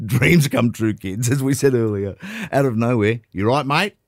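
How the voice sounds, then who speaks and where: A man's voice: mid-range voice, a little slow, no room sound, clean studio sound. A man, telling a funny travel story in a casual chat and laughing at his own jokes. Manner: animated anecdote teller who laughs at his own jokes.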